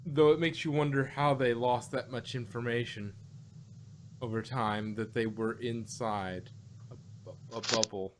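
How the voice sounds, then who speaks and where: A man chatting on a home podcast, wandering through his thoughts with fillers and restarts. His voice sits at an ordinary pitch. A faint hiss lies under the call audio. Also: fairly even intonation, a little slow. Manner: rambling, thinks aloud with fillers. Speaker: podcast co-host. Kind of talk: casual review chat.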